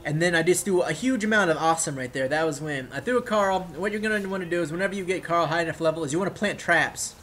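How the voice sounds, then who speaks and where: A man giving casual, rambling commentary over his own gameplay footage, drifting into excitable tangents and swearing freely. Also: a little high, fast, hardly any pauses.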